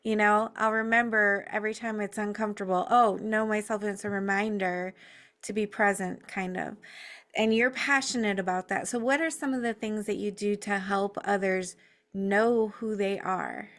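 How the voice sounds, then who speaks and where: A woman's voice: mid-range voice, fairly even intonation, normal speed, a bit bright. Thoughtful woman host asking questions. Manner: thoughtful, personal, hesitant phrasing. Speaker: interviewer, host. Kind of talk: conversational interview.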